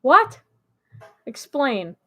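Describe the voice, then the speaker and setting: A woman chats casually on a relaxed live stream, answering her viewers one by one. Her voice sits high, and her manner is bubbly and friendly, with frequent laughter between lines. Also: very slow. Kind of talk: casual chat reading a live chat.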